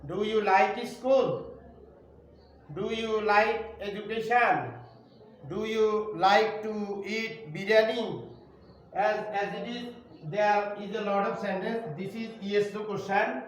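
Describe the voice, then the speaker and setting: A man with a Bangladeshi accent teaching an online English grammar lesson to primary students, explaining slowly and repeating himself. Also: sits high. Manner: slow, repetitive explaining to students. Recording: roomy, distant, faint noise.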